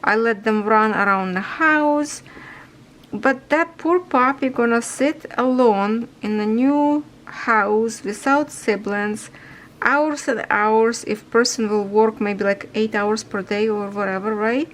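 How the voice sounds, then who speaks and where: Slow-talking woman with non-native English. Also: fairly high pitch, rough recording. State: stuffy nose. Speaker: cross-stitch vlogger. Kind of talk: casual chat while stitching.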